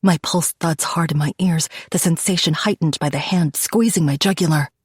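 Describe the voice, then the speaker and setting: Low, husky woman narrating an audiobook. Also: normal speed, no echo, studio quality. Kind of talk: first-person dark romance narration.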